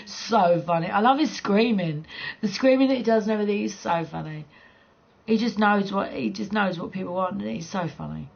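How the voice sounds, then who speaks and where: A woman's voice: mid-range voice, moderate pace, creaky, breathy edge, dull audio. A middle-aged woman chatting casually with viewers on her live gaming stream, rambling, laughing often and swearing freely.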